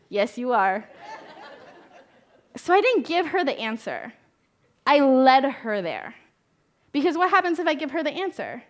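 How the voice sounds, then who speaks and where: Addressing a room of parents at a conference, a young female therapist keeps things chatty, often asking the audience questions and briefly taking on the voices of people she quotes. Her voice sits a little high and sounds a bit bright.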